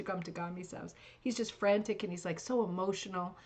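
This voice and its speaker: A woman hosts a craft club livestream from her couch at home. She chats warmly and casually, greeting viewers by name, and her sentences are full of fillers and restarts. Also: on the low side, fairly even intonation, moderate pace, hardly any pauses. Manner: chatty and warm, with many fillers and restarts. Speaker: host of a rug hooking club livestream.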